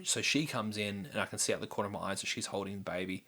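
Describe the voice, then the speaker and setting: A man's voice: lowish voice, fairly even intonation, fast talker, few pauses, sharp tone. A young man telling a personal story in a candid, rambling way, full of fillers and restarts. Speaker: podcast host.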